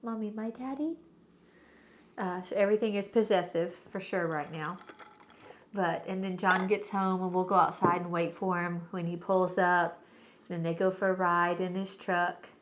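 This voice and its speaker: A woman hosting a family vlog as the mother, chatty and lively as she tells stories about her toddler. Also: on the low side, normal speed, a little hiss or hum. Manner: chatty, animated, acts out her toddler's cute words. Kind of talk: casual family vlog storytelling.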